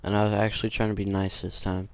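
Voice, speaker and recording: A man's voice: on the low side, little pitch movement, fast talker, a little hiss or hum. A man hosting a channel, telling a casual storytime with rambling, filler-heavy talk. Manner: rambling, with many fillers and restarts. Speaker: gaming channel host.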